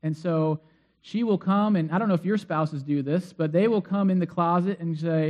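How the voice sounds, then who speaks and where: Man, pastor, conversational sermon, high voice, muffled lo-fi sound. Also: normal speed. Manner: conversational, acts out quoted voices.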